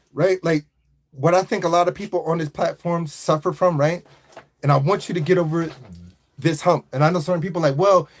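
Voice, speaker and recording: A man hosting a casual motivational livestream, talking in a preachy, repetitive way and often checking in with his listeners. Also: high voice. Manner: repetitive, preachy, keeps asking "right?".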